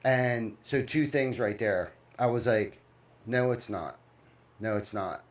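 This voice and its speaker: A man hosting a casual podcast, telling workplace stories in a blunt, animated way with some swearing. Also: mid-range voice, slow. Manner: animated storyteller, blunt and profane. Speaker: podcast host, business owner. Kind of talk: casual chat.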